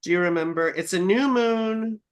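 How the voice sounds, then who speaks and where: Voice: mid-range voice, moderate pace. A teasing astrologer co-hosting a live stream in casual chat. The speech is loose and profane, with a fondness for calling people sweetheart. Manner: teasing, swears freely, calls people sweetheart. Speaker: astrologer co-host.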